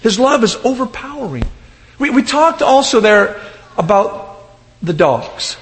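A high, lively male preacher delivers his sermon with an animated storytelling manner, voicing characters as he goes. His voice rings out through a reverberant church hall with a long tail. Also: measured pace. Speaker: pastor. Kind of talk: sermon with humorous stories.

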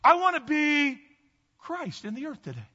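High, lively preaching man in a hall. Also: normal speed, dull audio. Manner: emphatic, repetitive, with the congregation repeating after him. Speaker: pastor. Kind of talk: sermon.

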